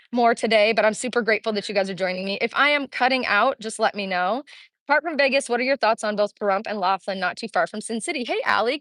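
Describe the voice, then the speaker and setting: Breathless woman host with a higher voice, chatty and upbeat, talking into a phone on a walk outdoors. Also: a bit bright, dry recording. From Kansas City, Missouri. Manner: chatty, upbeat, answers viewer comments while walking. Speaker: Las Vegas real estate vlogger. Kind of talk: live-streamed walking vlog. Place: outdoor street, in summer heat. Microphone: phone held while walking.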